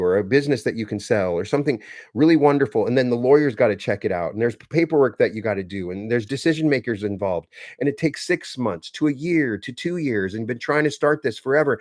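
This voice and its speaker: A man's voice: mid-range voice, a little mellow, no echo. Earnest man teaching with dry sound. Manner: earnest, slow and emphatic, repeats phrases for stress. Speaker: self-help teacher. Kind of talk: motivational teaching talk.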